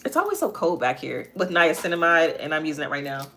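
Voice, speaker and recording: A woman's voice: low voice, very animated, quick pace, bright, forceful tone, a little hiss or hum. A young woman hosting a live makeup tutorial at home, chatting casually and answering viewer comments as she works. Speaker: makeup vlogger and livestream host. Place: home, near a kitchen.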